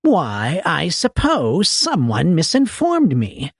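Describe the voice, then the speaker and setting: A man voicing an abrasive old woman who stays coldly polite, cordial in tone but never warm. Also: low-pitched, wildly swooping pitch, slow pace, husky, dry recording, studio quality, pitched above the performer's own voice, full character voice. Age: older. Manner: cordial tone with icy undertone.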